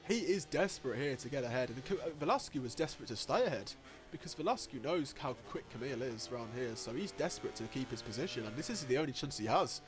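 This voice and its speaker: A man giving live commentary on an online motorcycle race, getting excitable and jumping high at the overtakes, with race engine noise behind him. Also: fast. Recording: noisy with engine sounds behind. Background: racing game engine noise.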